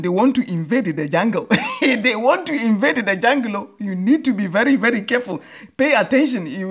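Laughing woman host, lively pitch. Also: dull audio. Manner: laughs often, repeats phrases for effect; lively, mock-rallying address. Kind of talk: humorous monologue.

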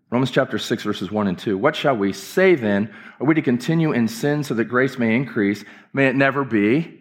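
A male pastor delivering an impassioned, emphatic church sermon with repeated phrases. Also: mid-range voice. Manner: impassioned, emphatic preaching with repetitions.

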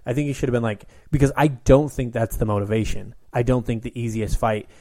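A man co-hosting a casual sports talk show, retelling events in an animated, rambling way full of restarts and laughs. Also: mid-range voice, fairly quick, no echo. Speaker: podcast co-host.

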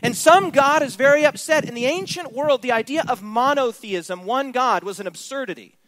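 A man's voice: very high-pitched, normal speed, a bit bright. A male preacher giving an emphatic sermon, posing rhetorical questions to his congregation.

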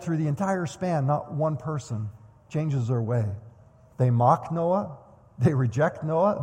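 A man's voice: fairly high pitch, husky, long reverb tail. A man preaching a sermon, acting out the voices of the people he quotes. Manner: animated, acts out quoted voices. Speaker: pastor.

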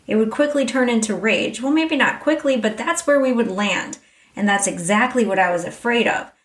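A woman's voice: mid-range voice, fairly bright tone, distant mic. A middle-aged woman hosting a podcast, speaking candidly and reflectively straight to her listener. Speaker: podcast host. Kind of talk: personal reflective monologue. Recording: roomy echo, a little off mic.

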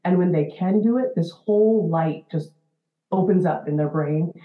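A woman's voice: on the low side, moderate pace. A woman in her forties, a special-needs educator, explaining earnestly in an interview with frequent fillers. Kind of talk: interview answers. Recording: tinny phone-like line in an echoey room.

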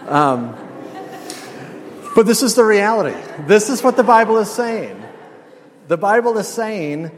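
Emphatic male pastor in a reverberant hall. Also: high-pitched. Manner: emphatic, repeats key phrases, light humor. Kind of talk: sermon. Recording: long reverb of a large hall.

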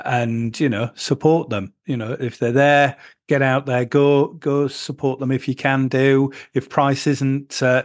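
A man's voice: medium pitch, no echo, studio quality. A man co-hosting a casual podcast chat, rambling with plenty of fillers and restarts. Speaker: podcast co-host.

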